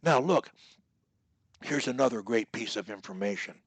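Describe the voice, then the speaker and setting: A man's voice: medium pitch, moderate pace, breathy edge, no echo. A man coaching a student one-on-one over a video call, emphatic and fond of repeating his key points. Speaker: speech coach.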